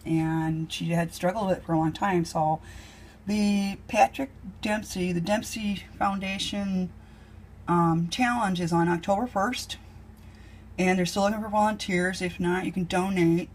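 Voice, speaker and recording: A woman talks through her lunch prep in a home kitchen, rambling and full of ums. Her voice sits a little low, and a faint hum of the room comes through underneath. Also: steady tone, a little slow, darkish tone. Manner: chatty and rambling, many ums. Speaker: home cook vlogger. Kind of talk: casual chat while cooking.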